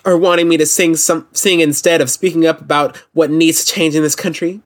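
A man's voice: on the high side, fairly even intonation, normal speed. A young man hosting a solo podcast, ranting in a blunt, impassioned and profane way. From United States. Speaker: podcast host.

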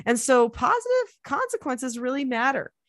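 A middle-aged woman hosting a parenting podcast, explaining steps in a steady, instructive way. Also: sits high, normal speed, no echo. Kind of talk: casual advice chat.

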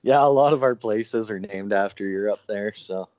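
A man's voice: lowish voice, moderate pace, a little mellow, no echo, lo-fi sound. A Canadian man co-hosting a podcast in easygoing chat, laughing often. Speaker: podcast co-host.

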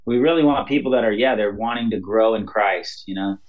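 A man's voice: lowish voice, brisk, phone-quality sound. A man, a pastor and mission leader, telling stories in a casual interview, often adding "you know" and laughing as he goes. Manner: animated storytelling, frequent "you know" and laughs.

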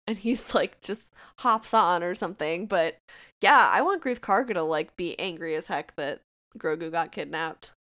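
Chatty, animated woman podcaster. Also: medium pitch, normal speed. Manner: chatty, animated, laughs often. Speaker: podcast co-host. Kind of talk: casual fan podcast chat.

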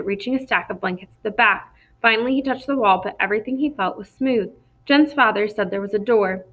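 A woman narrates an audiobook chapter in a steady, measured way. Her voice sits at a middling pitch and keeps an even storytelling pace. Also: poor audio. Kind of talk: scripted narration.

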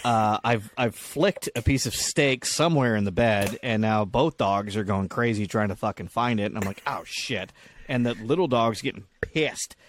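A man's voice: on the low side, moderate pace, few pauses. Rambling, profane young man. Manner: rambling, profane storytelling with many restarts. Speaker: podcast co-host. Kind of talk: casual comedic chat.

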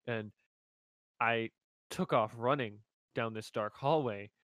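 Man haltingly telling a ghost story. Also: medium pitch, a bit bright.

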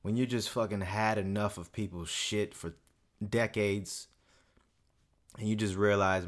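A man's voice: on the low side, steady tone, measured pace, long pauses. A young man hosting a solo podcast, ranting casually in a profane, swaggering, rambling way. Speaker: podcast host.

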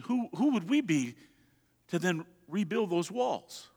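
A man preaching a sermon as a pastor, swinging between hushed, quiet stretches and emphatic passages. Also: sits high, animated, takes it slowly, vocal fry, breathy edge. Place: church sanctuary. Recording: long reverb of a large hall.

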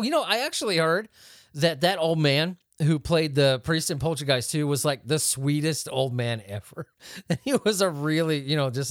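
A man's voice: on the high side, no room sound, clean studio sound. A man hosting a podcast, reading news headlines aloud and riffing on them in a joking, rambling way with frequent laughs. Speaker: podcast host. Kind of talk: casual rambling news chat.

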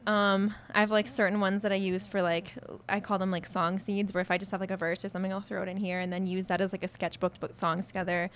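A young woman talks at a brisk clip, words tumbling out in a chatty, unguarded way. She's a musician in casual interview conversation, often breaking into laughter. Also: medium pitch, little pitch movement, fairly bright tone, slight background noise. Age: 20s. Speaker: musician guest.

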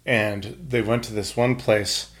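A man's voice: on the low side, fairly even intonation, unhurried, a bit bright. A man co-hosting a podcast, telling stories in an easygoing casual chat and laughing often. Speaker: podcast co-host.

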